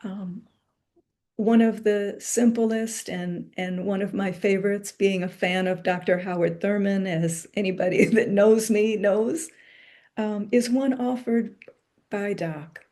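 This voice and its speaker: Woman lecturer, reflective spiritual talk, unhurried delivery, warm dark tone, meditative pauses. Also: mid-range voice, steady tone. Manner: slow, meditative, with pauses and soft asides. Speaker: lecturer and author.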